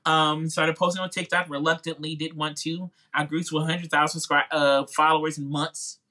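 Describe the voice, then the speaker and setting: Chatty bright-voiced man with Midwestern twang. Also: on the high side, level tone, normal speed. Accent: Midwestern American. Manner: chatty, informal, acts out quoted voices. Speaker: music YouTuber and coach, podcast guest. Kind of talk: casual interview storytelling.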